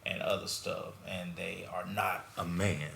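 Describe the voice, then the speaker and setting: Deep-voiced young man telling a story. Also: little pitch movement, unhurried, gravelly, a bit bright. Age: young adult. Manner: storytelling, casual slang, frank advice. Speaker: podcast co-host. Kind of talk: casual chat. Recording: echoey room with faint noise.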